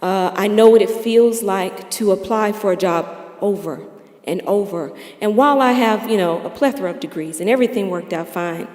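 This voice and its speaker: A woman's voice: mid-range voice, moderate pace, darkish tone. An American woman speaks from a stage in a large hall, her voice ringing with long reverb. She delivers a heartfelt awards speech. She laughs lightly between phrases. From United States. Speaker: charity founder giving awards speech. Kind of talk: emotional ceremony speech.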